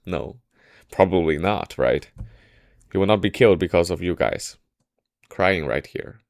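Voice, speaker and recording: A man's voice: sits low, expressive, measured pace, vocal fry, no echo, studio quality, exaggerated voice. A man voicing an ambitious, bold warlord who mocks the weeping ministers as cowards, in a casual storytelling style. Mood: scornful. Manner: mocking, then declaring loudly.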